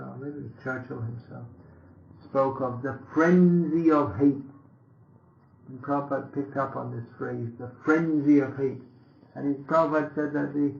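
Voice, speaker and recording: A man's voice: medium pitch, vocal fry. A man from England, giving a wry, conversational sermon on scripture with many restarts and asides. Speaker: lecturer on scripture. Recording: lo-fi echoey room recording.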